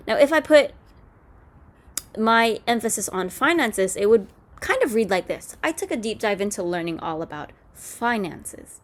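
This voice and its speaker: A woman hosting a coding tutorial, explaining each step in a casual way with fillers and self-corrections. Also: medium pitch. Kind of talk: screen-recorded coding lesson.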